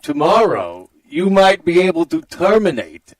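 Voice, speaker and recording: A man's voice: fairly high pitch, big pitch swings, unhurried, dry recording. A man voicing a crude, boastful hybrid villain of a president and a masked comic-book brute, in comedy podcast improv. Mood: crude boasting. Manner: lewd, bragging, gravelly put-on villain drawl.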